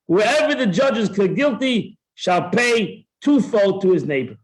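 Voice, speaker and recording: A man's voice: high-pitched, expressive, unhurried. A man teaching a Torah class, acting out both sides of a dispute and often repeating himself as he explains. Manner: repeats words and restarts often. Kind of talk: classroom Talmud lesson.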